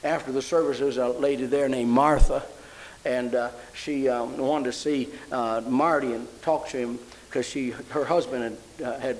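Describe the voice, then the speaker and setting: Slight background noise and low-quality audio frame an older man's sermon, delivered in a steady tone at moderate speed. His storytelling builds fervently into praise and high emotional exclamations.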